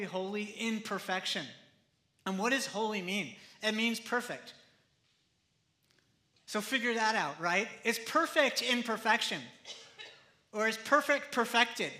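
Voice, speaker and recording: A man pastor preaching a sermon in a conversational, animated way, often acting out the quotes. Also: high voice, reverberant.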